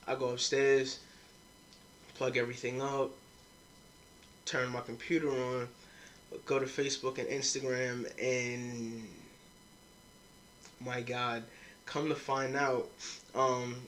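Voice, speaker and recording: A man's voice: mid-range voice, fairly bright tone, a little hiss or hum. A young man hosting a podcast, telling a rowdy drinking story in casual, profane talk full of quoted dialogue. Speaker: podcast host. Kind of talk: casual storytelling among friends.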